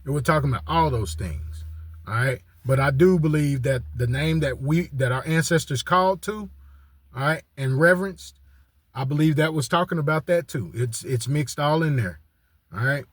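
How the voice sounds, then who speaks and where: A religious teacher gives a casual teaching monologue in a slightly high, expressive voice at a moderate pace. He restarts phrases often and keeps checking in with listeners by repeating "all right." The clean studio sound has no room sound.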